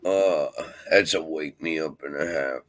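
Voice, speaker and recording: A man's voice: a bass voice, a little slow, a bit bright, dry recording, poor audio. A man rambling and swearing freely in a casual vlog monologue. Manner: profane, rambling, grumbling. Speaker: vlogger.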